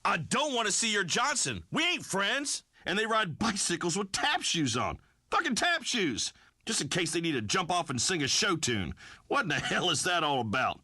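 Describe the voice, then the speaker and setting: A blustering redneck radio host. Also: male voice, high voice, sing-song, moderate pace, pushed and bright, husky, no room sound, clean studio sound, heavily acted. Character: brash redneck male farmer radio host, bombastic. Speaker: radio talk show host. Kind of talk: comic talk radio acting.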